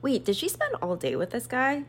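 A woman's voice: high voice, huge pitch swings, normal speed, slight background noise. A woman casually recapping a book, chatty and slangy, full of "like" and the odd swear word. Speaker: book reviewer.

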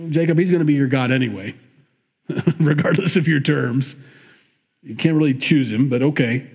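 A man's voice: medium pitch, moderate pace, a little mellow, husky. A man preaching a sermon, mixing Bible reading with wry, joking asides and acting out the quoted lines. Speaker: pastor.

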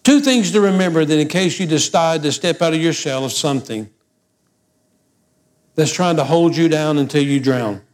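A man preaching a sermon as pastor, emphatic and urging, building to loud exhortations. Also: fairly high pitch, moderate pace.

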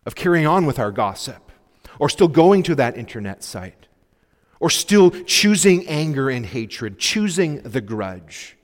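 A male pastor preaching a sermon, earnestly urging his listeners and dropping to soft pleas. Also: a little high, very animated, measured pace. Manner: earnest, pleading exhortation with sudden soft drops. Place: church sanctuary. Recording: long reverb of a church hall.

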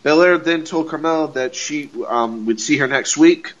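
Excitable man recapping wrestling. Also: a little high, normal speed, rough recording. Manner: excitable, laughs often, repeats himself. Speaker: podcast host.

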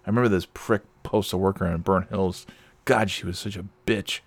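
A man with a very low voice tells a meandering anecdote, swearing often and circling back on himself with fillers. His voice sounds close and dry, with no room behind it. He talks like a host ranting casually to his listeners. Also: steady tone, fairly quick, dry recording. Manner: profane, rambling storyteller with frequent fillers; irritated, ranting. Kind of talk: rambling anecdotal monologue.

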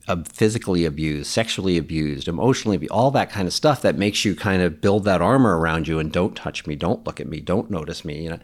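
A man talking in a relaxed, earnest way about parenting and mentoring, often quoting people. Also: sits low. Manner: earnest, reflective, quotes others in animated voices. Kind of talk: casual conversation.

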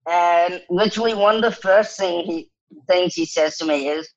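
High-voiced man telling animated stories. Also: normal speed, dull audio. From New Zealand. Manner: animated, laughing often, quoting others in lively bursts. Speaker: actor guest. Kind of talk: casual storytelling interview.

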